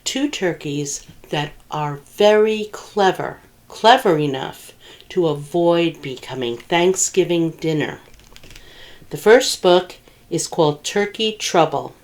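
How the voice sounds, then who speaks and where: Animated woman reading a children's story. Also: fairly low pitch, slow. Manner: animated, asks children questions. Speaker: children's librarian.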